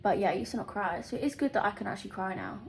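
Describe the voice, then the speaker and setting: A woman speaks straight to her phone camera in a confessional vlog, her voice sitting at an ordinary middle pitch. She pours out feelings with lots of fillers and nervous laughs, and a faint hiss sits under the recording. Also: expressive, very fast. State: tearful at times. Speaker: vlogger. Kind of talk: candid personal vlog to camera.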